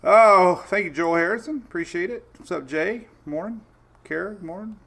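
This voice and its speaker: A man hosting a casual weather livestream, greeting viewers by name and telling stories in a chatty, relaxed way. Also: high-pitched, normal speed, vocal fry. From Florida Gulf Coast. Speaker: weather show host.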